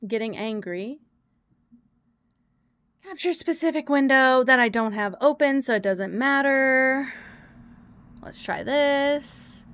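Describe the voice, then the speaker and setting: A woman's voice: high-pitched, animated, slow, long pauses, a bit bright, clean tone, no room sound. A woman game streamer chatting casually with viewers, exasperated, swearing and laughing at her own troubles. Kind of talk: casual live-stream chat.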